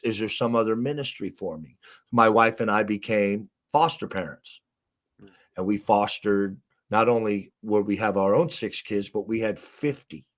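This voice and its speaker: A middle-aged man from Arkansas, a basketball coach, telling stories as an interview guest in an emphatic, animated way. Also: fairly low pitch. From Arkansas, USA. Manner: emphatic, animated storyteller who acts out quotes. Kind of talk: storytelling in an interview.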